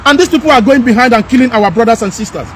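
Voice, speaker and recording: A man's voice: very high voice, rapid-fire, a little hiss or hum. A man from Nigeria with a Nigerian accent, speaking straight to his viewers in an emphatic, repetitive, angry rant, recorded outdoors. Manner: emphatic, repetitive, rising to anger. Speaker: commentator. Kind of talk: impassioned direct-to-camera rant.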